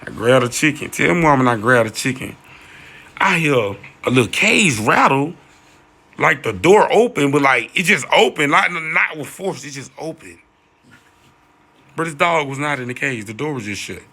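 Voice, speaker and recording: A young man spins a chaotic storytime in loose, slangy talk, leaping high when he acts out other voices. His tone is sharp and forceful, pitched a little above the usual. He keeps the story rolling with quick asides to his listeners. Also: gravelly. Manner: excitable, slangy, reenacts voices with big pitch jumps. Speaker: storyteller vlogger. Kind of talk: animated storytime monologue.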